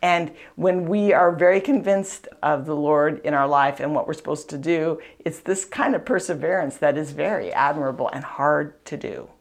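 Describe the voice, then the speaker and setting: A woman's voice: low-pitched, moderate pace, few pauses. A woman hosting a faith podcast, telling a saint's story in an earnest, chatty way with frequent asides. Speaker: podcast host, author and speaker. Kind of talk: conversational storytelling teaching.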